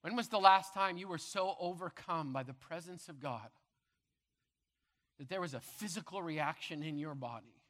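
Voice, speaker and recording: A man preaching a sermon as pastor with impassioned delivery, rising to loud proclamations and dropping to hushed tones. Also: on the high side. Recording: long reverb of a large hall.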